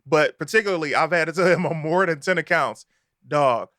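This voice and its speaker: Bright-voiced man telling stories on a podcast. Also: fairly high pitch, fast, dry recording, clean studio sound. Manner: storytelling, emphatic, laughs easily. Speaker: podcast guest. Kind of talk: casual podcast chat.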